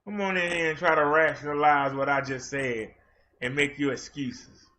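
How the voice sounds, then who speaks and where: A man's voice: a little high, steady tone, normal speed, bright, forceful tone. A man hosting a livestream, ranting in a fiery, confrontational way and challenging his chat. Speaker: livestream host. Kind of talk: livestream rant. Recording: dull lo-fi stream audio.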